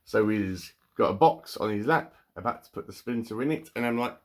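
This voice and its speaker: A man's voice: on the low side, expressive, fairly quick, few pauses. A man casually reading a children's picture book aloud, breaking off for chatty, wry asides. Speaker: book reviewer.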